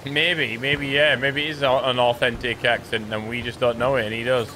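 A man's voice: medium pitch, flat delivery, moderate pace, noisy background. A man chatting casually and joking while he plays, often rambling and trailing off. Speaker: gaming streamer. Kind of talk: casual gameplay commentary.

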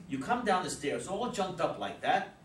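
A man's voice: fairly high pitch, very animated, moderate pace. A man reads a fumbling, loving dad whose voice rises and falls a lot. It is heard from a distance in an echoey room. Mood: defensive. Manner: fumbling, then soft and soothing. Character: flustered, loving middle-aged father. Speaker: actor in a community reader's theater. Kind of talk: staged play reading. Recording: roomy, distant mic with faint noise.

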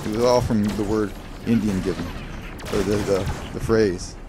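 Over some background noise, a man talks at normal speed in a steady, rather low voice. As a gaming video creator, he grumbles and digresses through rambling gameplay commentary, speaking directly to his viewers.

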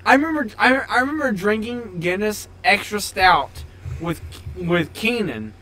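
A man's voice: high-pitched, expressive, unhurried, pushed and bright. A man hosting a casual beer-drinking chat, stammering as he asks questions.

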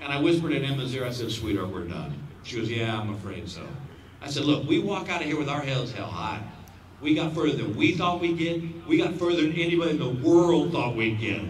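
A man in his fifties doing stand-up, telling a long story in a folksy way and quietly acting out the other people's lines. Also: on the high side, lively intonation, a little fast. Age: 50s. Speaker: stand-up comedian. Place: outdoor stadium stage. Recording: roomy, distant audience recording with crowd noise.

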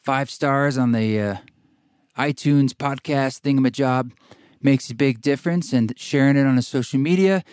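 A man from Oregon hosting a podcast, talking in a relaxed, rambling way with fillers, a bit out of breath. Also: mid-range voice, moderate pace, clear, resonant tone, dry recording, studio quality. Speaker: podcast host. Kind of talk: casual podcast intro and interview. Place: tiny house studio.

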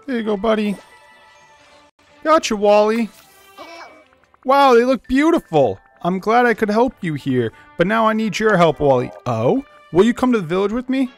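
Man hosting a let's play, chatty and animated, higher voice, faint game music behind. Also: normal speed, few pauses. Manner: chatty, talks to game characters as buddy. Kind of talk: casual gameplay commentary.

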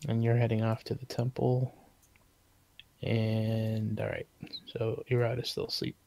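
A man acting as game master, narrating casually with pauses. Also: lowish voice, level tone, creaky, mellow, rough recording. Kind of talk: running a tabletop game.

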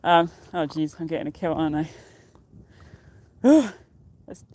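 A woman's voice: low voice, animated, a little slow, warm tone, dry recording. Cheerful rambling woman on a mountaintop. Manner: rambling, cheerful, laughs often. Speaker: outdoor vlogger. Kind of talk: casual live-stream chat. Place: outdoors on a mountain top.

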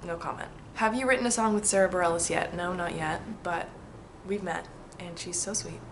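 A woman in her twenties reading aloud a letter she wrote to herself and answering its questions in a casual, chatty, excitable and reflective way. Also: on the low side, a little fast, a little hiss or hum. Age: 20s.

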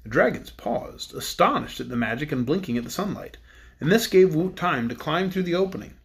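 A man narrating a children's storybook in a steady, measured reading. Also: on the high side. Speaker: audiobook narrator.

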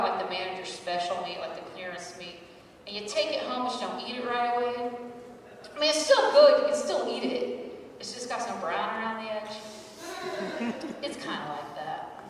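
A woman in her forties doing a stand-up set, telling wry, self-deprecating stories with loud acted asides. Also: medium pitch, distant mic, a little hiss or hum. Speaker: stand-up comedian. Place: live comedy stage. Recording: echoey hall, mic heard from afar.

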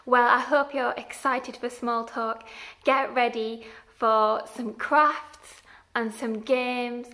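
A woman opening a church playgroup video for toddlers, in a sing-song, coaxing tone. Her voice is bright and a little high, and she takes her time over every phrase. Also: fairly even intonation. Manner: slow, sing-song and encouraging, like speaking to toddlers. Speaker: children's group leader. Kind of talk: addressing small children on video.

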